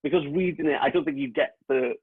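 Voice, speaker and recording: Husky man on a tinny line. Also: fairly high pitch, fast. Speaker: host. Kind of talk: casual chat. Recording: tinny, dry phone-like line.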